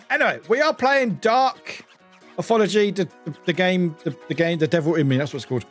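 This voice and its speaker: A young British man streaming a game live, excitable and full of laughs, yelps and swearing. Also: sits high, a little fast, faint music behind.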